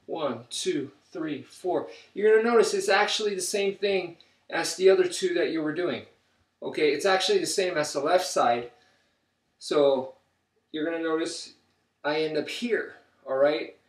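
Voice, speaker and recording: A man's voice: on the high side, unhurried. A man teaching stick-fighting drills, counting each strike aloud as he demonstrates. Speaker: martial arts instructor. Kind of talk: instructional demonstration. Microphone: camera mic from a distance. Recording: roomy, distant camera audio.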